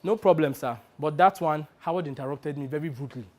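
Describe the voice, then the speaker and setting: Man from Nigeria, theatrical solo storytelling, lively, fast asides, drawn-out dramatic lines, high-set voice. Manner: lively, switches between quick asides and slow dramatic reading.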